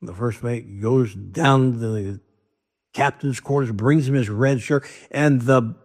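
A man in an ordinary middle pitch, hosting his show and telling a long joke. He draws the story out casually, restarting his sentences as he goes. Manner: chatty, drawn-out storytelling with restarts. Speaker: podcast host.

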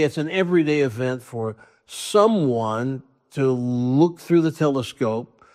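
A man in an ordinary middle pitch, hosting his show and telling a long joke. He draws the story out casually, restarting his sentences as he goes. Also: darkish tone. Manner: chatty, drawn-out storytelling with restarts. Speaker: podcast host.

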